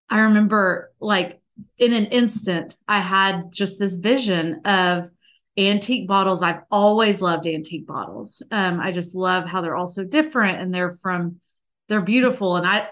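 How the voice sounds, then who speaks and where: A woman in her thirties speaks as a podcast guest. She tells her story in an earnest, tender way, with plenty of "like" fillers. Her voice sits at an ordinary middle pitch. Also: measured pace, a bit bright. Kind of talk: heartfelt conversational storytelling.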